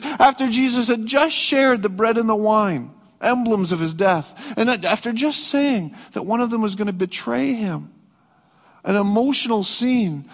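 A man preaching a sermon as pastor, earnest, rising to emphatic peaks and dropping to soft reflective passages. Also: high-pitched. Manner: earnest, swings between raised emphatic and soft reflective delivery. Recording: long hall reverb.

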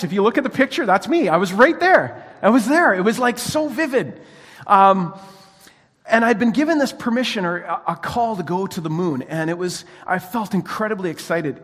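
A male pastor delivers a sermon in an animated storytelling way, often restarting his sentences. His voice sits high and has a husky edge. The sound carries a long reverb, as if recorded in a church hall.

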